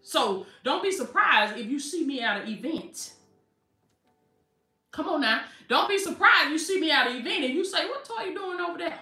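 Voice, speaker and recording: Animated woman preacher, echoey room. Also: sits high, normal speed, far from the mic. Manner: animated, calls listeners baby, laughs often. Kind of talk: sermon. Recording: echoey, from off the mic, faint music.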